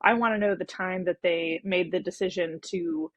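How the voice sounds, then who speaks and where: A woman's voice: lowish voice, steady tone, normal speed, no echo, lo-fi sound. A woman, a brand coach and guest, talking in a casual, thoughtful and enthusiastic way with many "um"s and "like"s. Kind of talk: casual interview talk.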